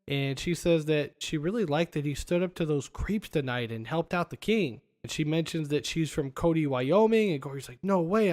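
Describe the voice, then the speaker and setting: A man's voice: on the high side, a little mellow. A man hosting a podcast, casually retelling movie scenes and laughing often. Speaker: podcast host.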